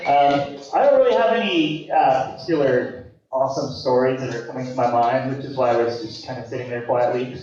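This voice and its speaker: A man's voice: mid-range voice, a little fast, a little mellow. A man from Maui speaking hesitantly to a gathering, with lots of ums and uhs. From Maui, Hawaii. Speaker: guest speaker. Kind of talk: casual speech to a gathering. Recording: echoey room, distant mic, dull sound.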